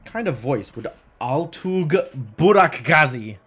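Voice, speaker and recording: Chatty male streamer, lively voice. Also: on the high side, slow, slight background noise. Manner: chatty, self-doubting, thinks aloud with restarts. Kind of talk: live game playthrough, reading aloud. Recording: game music in background.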